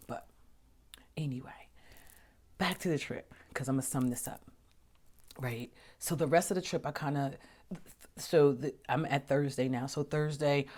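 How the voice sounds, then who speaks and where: Hosting a casual, heartfelt vlog, this woman speaks emphatically, restarting and repeating words and often dropping to a hushed whisper. Her voice sits low.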